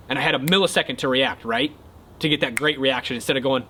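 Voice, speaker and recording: A young man casually telling a golf story to his viewers, excitable and then earnest. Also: mid-range voice, racing, a little hiss or hum. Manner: excitable retelling, quieter and earnest when talking faith. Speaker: golf content creator.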